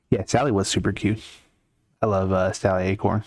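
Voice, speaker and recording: A young man talks loosely with his live-stream chat as he draws, rambling from one comment to the next. His voice sits low with a gravelly fry in it. The sound is dry and close, with no room around it. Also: steady tone, fairly quick, darkish tone, no echo. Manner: rambling, chatty, reads chat aloud and answers. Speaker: art streamer. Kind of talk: casual live-stream chat while drawing.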